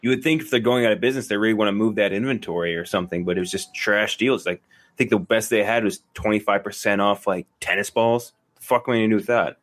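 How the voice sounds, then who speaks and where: A man's voice: lowish voice, fairly even intonation, fast talker, fairly bright tone. A man co-hosting a podcast, talking in crude, rambling, casual banter. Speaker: podcast co-host.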